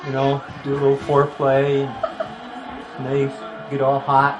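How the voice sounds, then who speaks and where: A man casually telling a joke to his family at home, halting and restarting as he goes. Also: mid-range voice, monotone, roomy sound, dull audio. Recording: loud home background noise.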